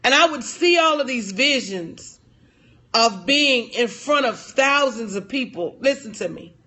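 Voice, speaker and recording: A woman's voice: on the high side, expressive, a little slow, pushed and bright. A middle-aged woman giving a motivational speech to an audience as a life coach, emphatic and repetitive in a preacher-like cadence, heartfelt and confessional.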